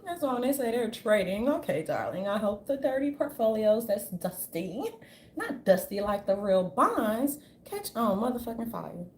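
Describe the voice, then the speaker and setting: A woman giving an unscripted commentary rant, brash and profane, with a sassy, animated delivery. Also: on the high side, moderate pace, a little hiss or hum. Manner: brash, profane, sassy, repeatedly says "darling"; animated, jumps into mocking voices. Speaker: commentary vlogger.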